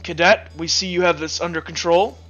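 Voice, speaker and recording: A man's voice: fairly high pitch, fairly even intonation, brisk, a bit bright, dull audio, faint music behind, natural voice. A man voicing a stern male guard sergeant who questions witnesses in an online tabletop game. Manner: curt, questioning.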